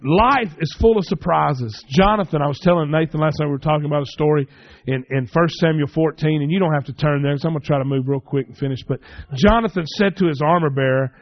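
Animated storytelling pastor, a man. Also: fairly high pitch, quick pace, no room sound, muffled recording. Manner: storytelling, animated, acts out dialogue. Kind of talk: sermon.

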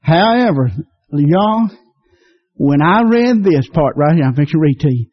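A middle-aged man with a drawl preaches in a folksy, fervent way, his voice a touch high for a man and jumping higher when he gets going. The sound is a dull, lo-fi radio broadcast. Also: expressive, unhurried. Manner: folksy, fervent preaching with sudden rises in pitch. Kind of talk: sermon.

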